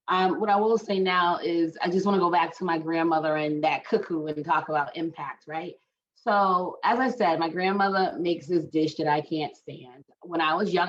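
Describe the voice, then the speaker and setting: A woman's voice: fairly low pitch, fairly bright tone, slight background noise. A woman in her forties addresses a community forum in a loose storytelling way. She talks animatedly and drops in fillers and frequent "right?" asides. The recording sounds dull and lo-fi. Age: 40s. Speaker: guest speaker at a community forum. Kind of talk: casual storytelling talk.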